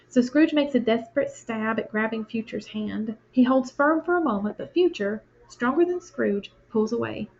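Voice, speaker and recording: A woman's voice: on the high side, normal speed, vocal fry, hardly any pauses, darkish tone. A woman teacher reading a play's stage directions aloud and explaining the scenes to her class in a plain, conversational way. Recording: lo-fi, dull sound.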